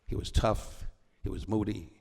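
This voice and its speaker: A man's voice: on the low side, steady tone, moderate pace, creaky, a little mellow. An older man, a comedian telling rambling, wisecracking stories on stage, often breaking off to interrupt himself. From New York. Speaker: comedian guest. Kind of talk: on-stage storytelling conversation. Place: stage before a live audience.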